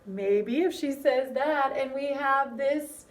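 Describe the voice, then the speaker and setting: Lady music teacher talking to little kids, high voice, slow and patient, sounds a bit far from the mic. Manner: gentle, encouraging, talks directly to children. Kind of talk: remote music lesson for young children.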